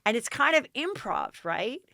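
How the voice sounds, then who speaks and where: A middle-aged American woman hosting a podcast, telling a story in a lively, dramatic way and acting out the people she quotes. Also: sits high, measured pace, dry recording, clean studio sound. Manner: animated, dramatic retelling with quoted voices. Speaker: podcast host. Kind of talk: casual storytelling chat.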